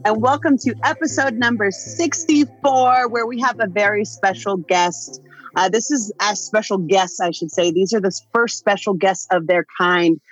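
A woman's voice: medium pitch, moderate pace, no room sound, faint music behind. A woman hosting a podcast, bubbly and playful, laughing with her guests. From United States. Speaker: podcast host. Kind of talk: casual podcast chat. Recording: dull, dry lo-fi sound.

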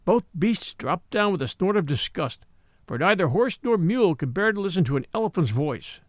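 A man narrating a classic animal story as an audiobook, with expressive storytelling. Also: sits high, brisk, dry recording, clean studio sound.

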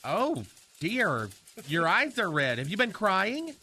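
Guy doing a high sing-song campy fussy dude, slow and theatrical, hissy radio bit. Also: huge pitch swings, bright, forceful tone, heavily acted. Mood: gossipy. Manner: fussy, theatrical, talks to unseen people. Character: campy, flamboyant gay man, chatty and gossipy. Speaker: comedy sketch character on a radio show. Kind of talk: radio comedy sketch.

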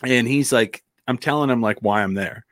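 A man's voice: mid-range voice, moderate pace, a bit bright, no echo, clean studio sound. A man from New Mexico hosting a podcast, telling a story in a casual, rambling and profane way. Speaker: podcast host.

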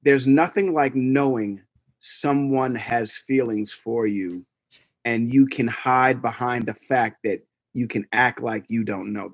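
A man's voice: mid-range voice, no echo. A man co-hosting a podcast, animatedly telling stories and acting out quotes in casual chat. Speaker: podcast co-host.

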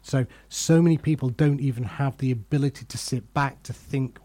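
A man's voice: mid-range voice, steady tone, normal speed, few pauses, warm tone. A middle-aged man hosting a podcast, chatting casually and telling self-deprecating stories from his career. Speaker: podcast host. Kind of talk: casual conversation.

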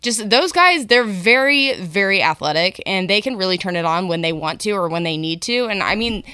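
A woman's voice: mid-range voice, lively intonation, normal speed, sharp tone, smooth, no room sound. A woman co-hosting a sports podcast, chatting casually about basketball, hedging often with fillers.

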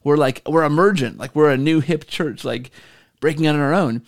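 A man hosting a podcast, telling a story in a casual, animated way and checking in with a frequent "right?". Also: a little high, brisk, creaky. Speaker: podcast host.

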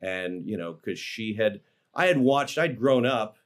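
A man's voice: lowish voice, expressive, a little slow. A man, an actor, telling stories about his life in a casual interview, rambling with fillers and restarts. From Los Angeles, USA.

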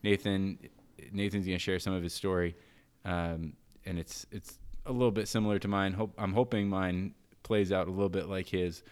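An American man hosting a podcast, moving from an upbeat scripted intro into relaxed, joking banter with a guest. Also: low voice, moderate pace, few pauses, smooth. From United States. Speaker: podcast host. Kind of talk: casual podcast chat.

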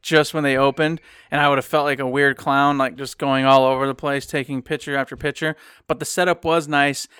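A man from Michigan spins a long, rambling story in a fairly high, smooth voice. He slips into the voices of the people he quotes. His dry, close sound fits a casual chat show. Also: fairly bright tone, dry recording. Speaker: podcast co-host.

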